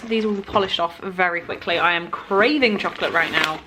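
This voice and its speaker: A woman's voice: fairly low pitch, fairly quick, pushed and bright, slight background noise. A woman chatting casually in a book vlog at home, rambling with fillers and self-corrections. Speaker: book vlogger. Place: home, indoors.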